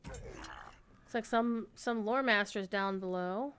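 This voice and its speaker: Bright-voiced woman streaming a game. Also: mid-range voice, slow pace, a little hiss or hum. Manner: chatty, reacts to the game and talks to viewers. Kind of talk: casual live-stream commentary while gaming.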